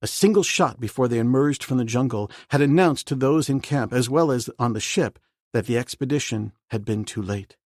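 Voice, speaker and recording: A man reading a novel aloud as an audiobook narrator, in a steady, measured way. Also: medium pitch, no room sound, studio quality.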